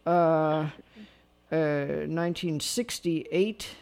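A man hosting a late-night radio music show, chatty and quick to laugh as he talks with callers. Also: fairly high pitch, darkish tone, clean tone. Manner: chatty, with frequent laughs and asides. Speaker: radio DJ and host. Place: radio studio.

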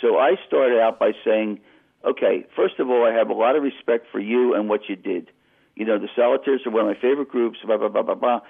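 A gravelly, husky man tells a long story over a tinny phone line on the radio. He talks with animation, stumbling over restarts and breaking into the voices of the people in his tale. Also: lowish voice, fairly quick. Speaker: phone-in guest. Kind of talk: casual storytelling on a phone call.

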